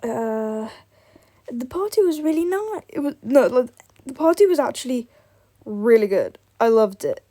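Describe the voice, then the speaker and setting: A woman's voice: fairly high pitch, big pitch swings, a little slow, mellow. A young woman vlogger chatting casually while playing a building game, rambling with lots of fillers. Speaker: gaming vlogger.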